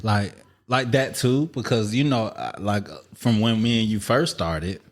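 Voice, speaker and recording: A man's voice: fairly low pitch, measured pace. A man hosting a podcast in loose, slangy casual chat, candid and repetitive. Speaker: podcast host.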